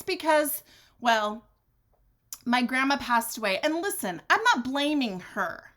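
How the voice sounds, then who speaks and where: A woman hosting her own podcast, talking alone in a blunt, sassy way, swearing freely and swinging her pitch for drama. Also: moderate pace, a bit bright. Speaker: podcast host. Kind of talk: candid solo podcast monologue.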